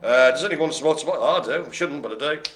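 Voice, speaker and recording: A man's voice: a little high, fast talker, a bit bright. A man hosting a live online bingo game, full of jokes and wordplay. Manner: joking, wordplay, playful asides. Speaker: bingo host.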